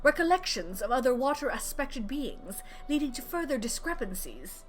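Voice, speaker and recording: A woman's voice: high-pitched, very animated, normal speed, soft background music. A woman reading a learned, formal male elven scholar aloud in ornate, archaic phrasing while streaming a game.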